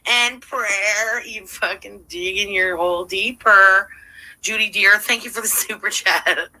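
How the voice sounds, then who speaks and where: A woman's voice: mid-range voice, steady tone, measured pace, bright, forceful tone, poor audio. A woman hosting a livestream, giving profane, sarcastic running commentary while thanking viewers. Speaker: livestream host.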